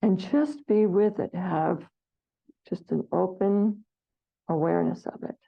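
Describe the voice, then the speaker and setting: A woman leading a meditation class, speaking gently and reflectively and acting out the inner voices of her students. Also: fairly low pitch, measured pace, gravelly. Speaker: meditation teacher. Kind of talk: dharma class talk. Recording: dull lo-fi recording.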